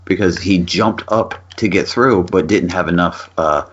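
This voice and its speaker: Deep-voiced man telling a story. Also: unhurried, husky. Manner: animated storyteller, swears, acts out voices in quotes. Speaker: podcast co-host. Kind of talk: casual storytelling chat. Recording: dull lo-fi podcast audio.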